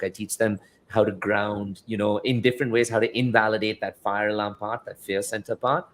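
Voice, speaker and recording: A man's voice: on the low side, fairly bright tone. A young adult man hosting a talk show, coaching in a conversational way and acting out quoted dialogue with animation. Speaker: podcast host and coach.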